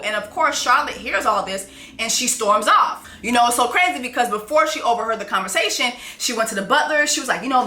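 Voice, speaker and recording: Animated, slangy woman recapping a show. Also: fairly high pitch, quick pace, echoey room. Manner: animated, laughing, slangy, acts out characters' lines. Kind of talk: casual profane recap commentary.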